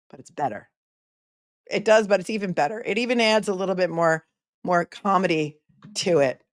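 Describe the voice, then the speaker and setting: At a moderate pace and on the low side, her voice comes through clean, studio-quality, without echo. The middle-aged woman hosts a casual live stream where she chats, reads viewer comments with snarky asides, and hesitates often with fillers.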